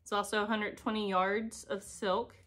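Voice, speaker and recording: A woman's voice: mid-range voice, little pitch movement, moderate pace, fairly bright tone. A woman chatting casually to camera at home as a cross-stitch vlogger, giggly and self-deprecating, filmed by a camera set on an ironing board. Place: home, indoors.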